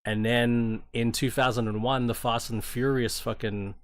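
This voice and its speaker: A man's voice: mid-range voice, little pitch movement, a little slow, no room sound, studio quality. A middle-aged Australian man telling a story in casual chat as a sim racing streamer, swearing freely and restarting his sentences often. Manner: profane, rambling, with frequent restarts. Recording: noticeable background noise.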